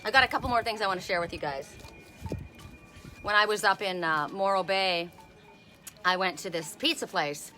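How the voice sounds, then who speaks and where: A woman's voice: mid-range voice, moderate pace, pauses often, bright, forceful tone, soft background music. A woman in her fifties giving a chatty live-stream oracle card reading, talking to viewers by name and laughing often. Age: 50s.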